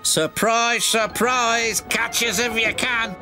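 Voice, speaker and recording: A man's voice: very high-pitched, fairly even intonation, slow pace, music in the background, voice pushed up, heavily acted. A man voicing a chorus of cheeky, mocking freight trucks in a taunting sing-song chant.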